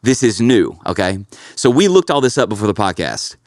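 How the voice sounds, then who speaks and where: A man's voice: fairly low pitch, big pitch swings, a little fast, no echo, studio quality. A man hosting a casual podcast, telling stories with lots of energy and calling his co-host bro and dude. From Kentucky.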